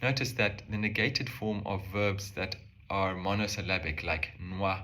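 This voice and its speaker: A man calmly explaining a language lesson step by step, slowing down to say example phrases. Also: sits low. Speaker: language teacher.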